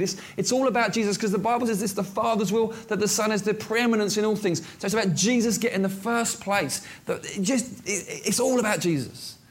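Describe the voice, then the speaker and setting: A man preaching a conversational sermon, full of fillers and restarts as he speaks to his congregation. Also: high-pitched. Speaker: pastor.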